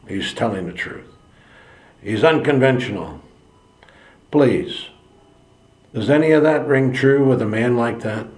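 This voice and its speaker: A man's voice: fairly low pitch, a little mellow. A man giving an earnest opinion monologue, preachy and repeating phrases for emphasis. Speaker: political commentary channel host. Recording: echoey room.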